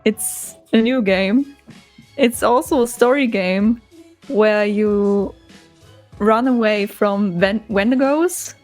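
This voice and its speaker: A woman guest on a chat show, soft-spoken and giggly, giving short answers. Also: medium pitch, slow, soft background music. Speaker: guest YouTube creator. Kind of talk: casual chat.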